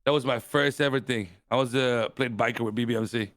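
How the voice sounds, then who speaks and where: A man's voice: medium pitch, fairly even intonation, fairly quick, fairly bright tone, no room sound, clean studio sound. A man talking as a podcast guest in casual chat, swearing freely and laughing often.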